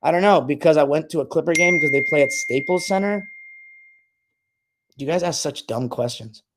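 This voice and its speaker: A man's voice: a little high, normal speed, heavy background noise. A young man hosting a casual live stream, reading comments aloud and trash-talking his viewers.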